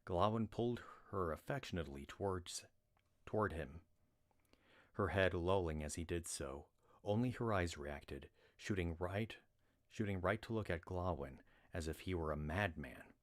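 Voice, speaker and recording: A man reading a novel aloud on a livestream in a slow, steady storytelling manner. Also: low voice, no echo, studio quality. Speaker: reader.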